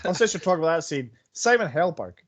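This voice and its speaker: Higher-pitched man with an expressive voice. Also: fast talker. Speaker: podcast co-host. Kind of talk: casual film review chat.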